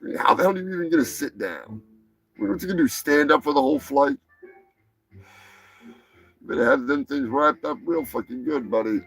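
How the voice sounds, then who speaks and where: A rowdy man hosts a live show and riffs on weird news with profane, mocking jokes. His voice sits a little high, and soft music plays faintly behind him. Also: lively intonation, normal speed, long pauses, husky, low-quality recording. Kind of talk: crude comedic news chat.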